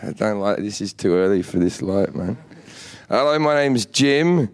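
A man's voice: fairly low pitch, lively intonation, normal speed, very noisy. A man with an Australian accent doing stand-up on a stage, telling a story in a laid-back way. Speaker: stand-up comedian. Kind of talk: stand-up comedy. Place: theatre stage.

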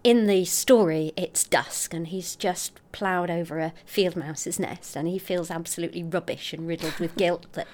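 A middle-aged woman, a scientist explaining her research in an interview, articulate and expressive. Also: lowish voice, normal speed, hardly any pauses. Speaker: scientist guest.

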